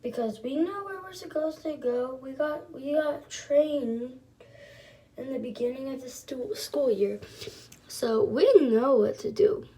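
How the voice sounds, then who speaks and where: A woman casually telling a story to her viewers while doing her makeup, soft-spoken and rambling with lots of fillers. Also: sits high, measured pace. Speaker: vlogger.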